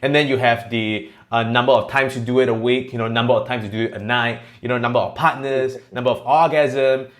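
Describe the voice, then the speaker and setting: A man hosting a podcast, asking interview questions in a relaxed, loosely phrased way. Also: mid-range voice, a little fast, few pauses. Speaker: podcast host.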